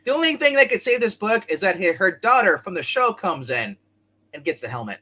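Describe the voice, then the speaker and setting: A man with a bright, fairly high voice that swings widely in pitch. He rambles through casual comic book talk with joking asides. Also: very animated, a little fast. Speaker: co-host. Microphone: live stream setup.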